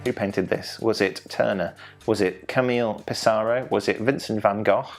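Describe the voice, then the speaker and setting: A young man hosts a quiz from home in a playful, joking way, cheerfully tripping over foreign names as he reads the questions. Faint music plays quietly behind him. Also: fairly low pitch, steady tone, moderate pace, creaky. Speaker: quiz host. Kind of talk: hosting an online quiz from home.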